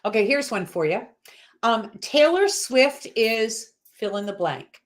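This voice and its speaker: A woman hosting a relaxed interview, upbeat and giggly, firing off quick quiz questions. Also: fairly high pitch. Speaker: host. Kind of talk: casual interview chat.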